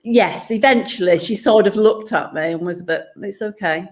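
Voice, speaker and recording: A woman guest telling an animated, self-mocking anecdote in casual chat. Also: mid-range voice, normal speed. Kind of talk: casual storytelling.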